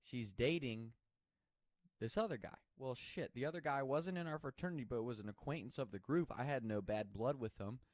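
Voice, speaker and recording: A man's voice: mid-range voice, normal speed, no room sound. A man telling a personal story in a casual, chatty way, swearing freely and laughing as he goes.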